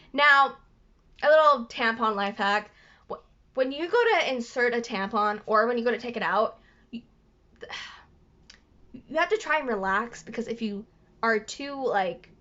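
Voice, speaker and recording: A woman's voice: a little high, pushed and bright. A woman vlogger telling a personal story to camera in a rambling, apologetic way, often stuttering and restarting. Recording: dull lo-fi recording.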